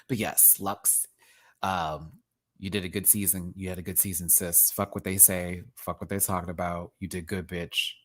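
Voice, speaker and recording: Sassy animated man from Texas. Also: sits low, measured pace. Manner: sassy, animated, heavy drag slang. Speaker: drag show reviewer. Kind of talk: casual commentary vlog.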